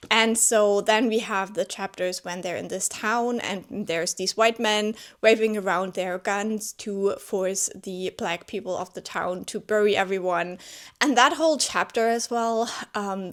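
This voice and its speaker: A woman's voice: medium pitch, a little slow. A woman vlogging from home about a novel, talking in a loose, chatty way with lots of fillers and self-corrections. She speaks English as a second language and sounds openly moved, often exclaiming as she goes. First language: not English. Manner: chatty, heavy use of "like" and restarts; emotionally animated, exclaiming. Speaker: book vlogger. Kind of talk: casual spoken book review. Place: at home with her cat.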